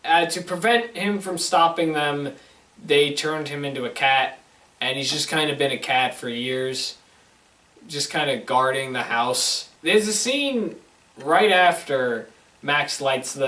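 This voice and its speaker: A man's voice: medium pitch, fairly bright tone. A young man giving a casual, rambling film review with laughing asides and sarcastic questions. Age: young adult. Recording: roomy sound from a distant mic.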